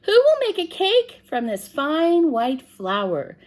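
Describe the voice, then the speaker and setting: A woman voicing a hardworking little hen in a storybook read-aloud, raising her voice higher and louder for the character. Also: wildly swooping pitch, slow pace, exaggerated voice. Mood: pleading. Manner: earnest, higher and louder than her narration.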